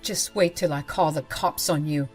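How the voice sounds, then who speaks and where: A woman voicing an angry, shouting cheating husband in a dramatic spoken story, with indignant, strained outbursts. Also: sits low, normal speed, husky, soft background music. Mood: furious. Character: cheating husband, man, angry then pleading.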